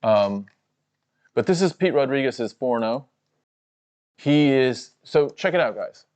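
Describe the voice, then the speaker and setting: A man's voice: mid-range voice, animated, measured pace, a little mellow. A man co-hosting a live fight watch-along stream, giving casual, profane, analytical commentary full of "you know" fillers.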